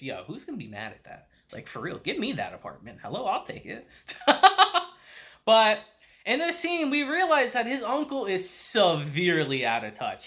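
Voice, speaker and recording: A man's voice: sits high, pushed and bright. A man giving a casual anime review in a laid-back, slangy way. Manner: laid-back slangy delivery, laughs often.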